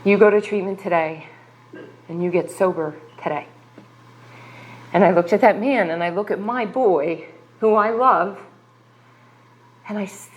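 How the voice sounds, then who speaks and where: A woman in her thirties from the US sharing an earnest, confessional personal testimony at a recovery meeting, emphatic and full of asides like "like" and "right". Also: fairly high pitch.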